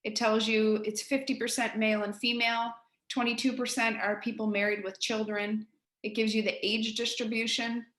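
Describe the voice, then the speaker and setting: A woman's voice: fairly high pitch, level tone, normal speed, fairly bright tone, echoey room. Chatty East Coast Canadian woman teaching. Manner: chatty, direct, addresses listeners as guys. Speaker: real estate agent teaching colleagues. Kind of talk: casual software tutorial.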